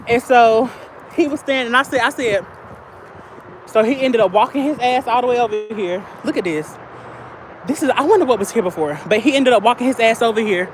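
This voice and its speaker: A trans woman vlogger who lives in her car livestreams on her phone while walking through an outdoor field, chatting casually and telling stories in a loose, slangy way. Her high voice runs a little fast. Loud, steady highway traffic rumbles beneath everything, and the audio is poor.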